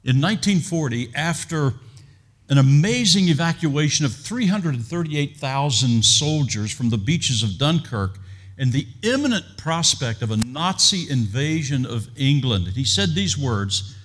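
A man preaching a sermon to his congregation in a measured, earnest way that builds in intensity. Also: fairly high pitch, big pitch swings, fairly bright tone. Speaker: pastor.

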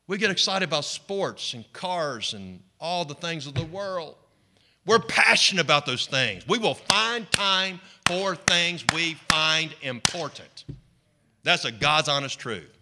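A male pastor preaching a sermon in an animated way, leading the congregation in call-and-response. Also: fairly high pitch, a little slow, gravelly.

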